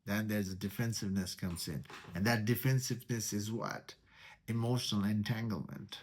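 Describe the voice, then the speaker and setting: A man teaching meditation in a spiritual talk. He speaks deliberately, repeats key words, and poses rhetorical questions. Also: lowish voice, fairly even intonation.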